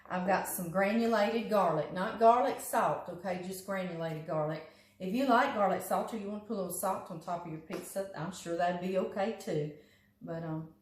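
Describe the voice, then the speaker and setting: Folksy southern lady talking thru a recipe in her kitchen, chatty, roomy echo. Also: mid-range voice. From Louisiana. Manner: chatty, folksy, laughs often, calls food "him". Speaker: home cooking show host. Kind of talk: casual cooking demonstration. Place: home kitchen.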